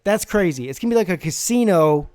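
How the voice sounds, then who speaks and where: A man's voice: high-pitched, animated, fast, darkish tone. A man from South Carolina hosting a live football draft stream, brash, profane and joking in casual commentary.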